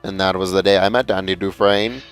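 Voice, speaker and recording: A grave older narrator who speaks slowly and solemnly, as a man puts him on. The delivery is measured and weighty. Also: low voice, fairly even intonation, soft background music. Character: impression of an older male narrator, slow and grave.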